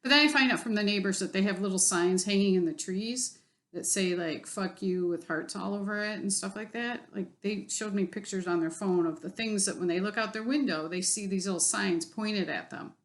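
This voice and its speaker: A woman's voice: mid-range voice, normal speed. Lady ranting about her day, swears a lot, blunt and fed up. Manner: blunt, profane, exasperated storytelling. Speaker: vlogger. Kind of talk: casual vlog rant.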